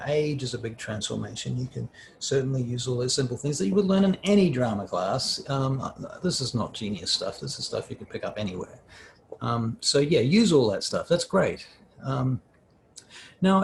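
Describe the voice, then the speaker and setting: A middle-aged man with a gravelly, fry-edged voice talks through acting tips for tabletop roleplay in a loose, meandering way. He trails off and restarts his thoughts as he goes. A faint hiss sits under the recording. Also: medium pitch. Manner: rambling, self-interrupting. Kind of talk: casual instructional talk.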